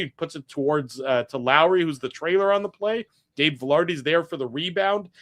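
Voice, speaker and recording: A man's voice: a little high, fairly bright tone. A man co-hosting a casual hockey post-game show, walking through goals play by play with some dry teasing.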